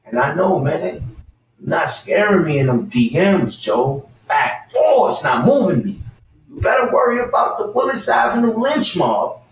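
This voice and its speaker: A man, around forty, rants with heat and a lively, swinging pitch, at times breaking into shouts. He sounds set back from the mic in a roomy, echoey space with faint hiss behind him. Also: unhurried, distant mic. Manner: animated, fired-up, repeats his target's name, bursts into shouting. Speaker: guest. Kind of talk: heated callout rant and storytelling.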